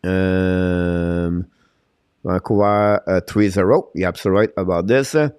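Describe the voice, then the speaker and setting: A man's voice: low-pitched, unhurried, a little mellow, smooth, no room sound, studio quality. A man, a hockey coach hosting a live stream, talking in a fired-up, repetitive motivational way and reading viewer comments.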